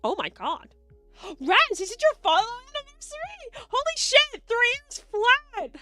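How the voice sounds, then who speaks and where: Giggly high-voiced young woman streamer. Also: sing-song, measured pace, bright, forceful tone. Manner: giggly, effusive, swears freely. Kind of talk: casual live-stream chat reading viewer messages. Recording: faint music behind.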